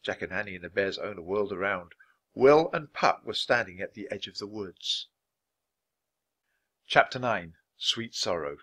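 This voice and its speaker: A man reading a children's book aloud, clear, steady and expressive. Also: lowish voice, normal speed. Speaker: story reader.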